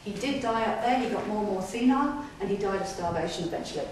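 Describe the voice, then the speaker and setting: A woman's voice: medium pitch, lively intonation, fast. Woman telling a ghost story, distant and echoey. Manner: chatty, checks in with listeners, laughs often. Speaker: paranormal investigator giving a public talk. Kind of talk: casual storytelling talk to an audience. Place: display day inside an old gaol. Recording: echoey room heard from afar, faint hiss.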